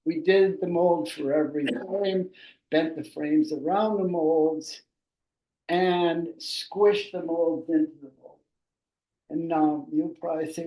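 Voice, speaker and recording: An older man talks his way through a slide presentation on boat building in a slow, rambling, conversational way, full of fillers and restarts. His voice is mellow and a little high. He sounds far from the mic in an echoey room. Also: steady tone.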